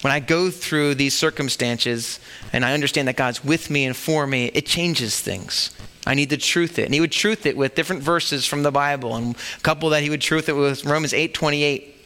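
A man's voice: fairly high pitch, normal speed, pushed and bright, smooth. A man preaching a sermon at a church service, talking conversationally and asking the congregation rhetorical questions. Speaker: pastor.

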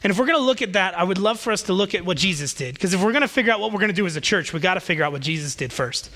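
A male pastor preaching in a relaxed, joking, conversational manner. His voice sits high and sounds bright and lively in tone. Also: very fast. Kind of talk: sermon.

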